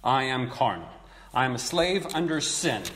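A preacher works through scripture verse by verse, teaching conversationally and posing rhetorical questions. His medium-pitched voice is animated and fairly bright at a moderate pace, echoing through a hall with long reverb.

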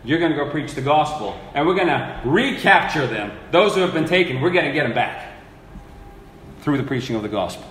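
A man preaching a sermon, earnest and animated, acting out the people he quotes. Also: on the high side, brisk, a little hiss or hum. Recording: echoey hall with faint ambience.

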